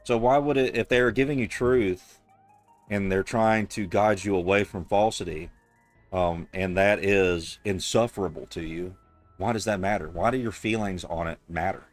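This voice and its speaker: A man's voice: sits low, normal speed, faint music behind. A man streaming, reacting to a clip in casual, blunt, profane and mocking commentary on a close mic.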